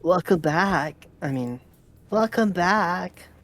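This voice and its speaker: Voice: mid-range voice, lively intonation, slow pace, fairly bright tone, voice pushed up. A player voicing a shy, polite young man who hesitates and stumbles over his words. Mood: flustered.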